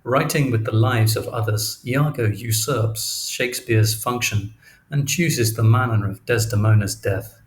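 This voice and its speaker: A man narrating a nonfiction audiobook in a measured, deliberate way. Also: medium pitch.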